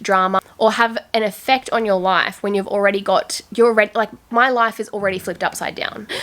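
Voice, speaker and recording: A woman's voice: mid-range voice, fairly bright tone. A young Australian woman vlogger having a candid, earnest chat to camera, confiding and full of "I feel like".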